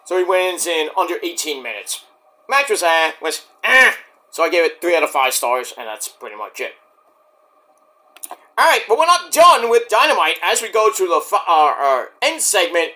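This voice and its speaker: Man, casual rambling recap, self-correcting, bright voice, bouncy pitch. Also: very animated, normal speed. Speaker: wrestling reviewer.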